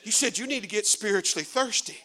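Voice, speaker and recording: A male preacher delivers a folksy sermon in a church. His voice sits very high, with bright, forceful edges and a lively rise and fall. He drops to hushed asides, then builds to shouts. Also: quick pace.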